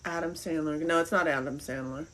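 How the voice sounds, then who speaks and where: A middle-aged woman hosting a podcast, chatting casually and telling rambling, animated stories. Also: low-pitched, brisk. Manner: rambling, animated storytelling with laughs. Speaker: podcast host. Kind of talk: casual chat.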